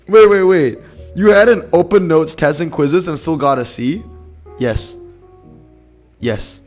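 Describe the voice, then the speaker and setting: A man's voice: a little high, takes it slowly, long pauses, darkish tone, faint music behind. A young man live-streaming a racing game, chatting casually and answering his chat in a rambling, laid-back way.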